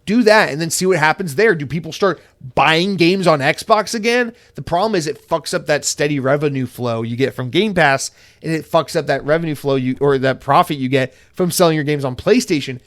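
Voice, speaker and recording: A man's voice: a little high, fairly quick. Profane, fired-up male podcast host. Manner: profane, animated and opinionated. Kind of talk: solo podcast rant.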